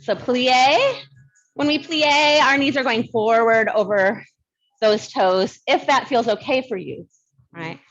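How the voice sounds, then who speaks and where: A woman teaching a barre class with a fairly high voice and a slight lisp. She talks in a chatty, friendly way, counting reps and laughing between cues. The recording sounds dull and lo-fi. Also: slow, fairly bright tone. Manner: mild lisp from new aligners. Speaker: barre fitness instructor. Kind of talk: live fitness class instruction.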